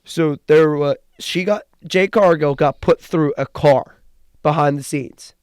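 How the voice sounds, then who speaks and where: Eager and excited, this young podcast co-host rambles through a recap in casual chat, starting sentences over as he goes. He speaks unhurriedly in a slightly high, smooth, resonant voice. The close recording has no room sound.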